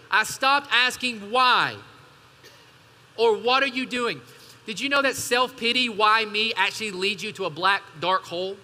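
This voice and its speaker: Preaching in a church hall whose reverb fills the recording, this pastor has a very high, sharp voice. He punctuates his sermon with emphatic call-and-response asides to the congregation.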